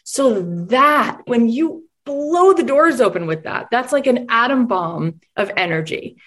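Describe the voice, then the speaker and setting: A woman hosting a podcast, giving energetic coaching talk and acting out voices of the people in her stories. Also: fairly high pitch, measured pace. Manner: enthusiastic, acts out quoted voices. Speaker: podcast host and business coach.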